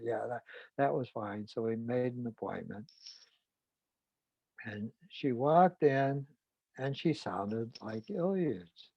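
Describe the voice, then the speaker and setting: An older man, a psychologist, recounting a therapy case in a halting way, often repeating words. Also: medium pitch, lively intonation, vocal fry, husky, dry recording, highs cut off.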